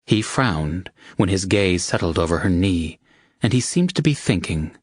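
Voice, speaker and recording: A male audiobook narrator with a very low, husky voice, reading in a steady, measured way. The sound is dry and close, with no room around it. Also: no room sound. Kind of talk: scripted narration.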